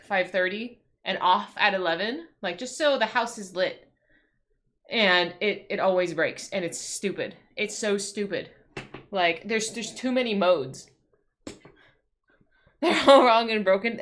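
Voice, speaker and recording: Exasperated bright-voiced woman streamer. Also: medium pitch. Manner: exasperated ranting, swears, frequent likes and restarts. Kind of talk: casual livestream chat. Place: home.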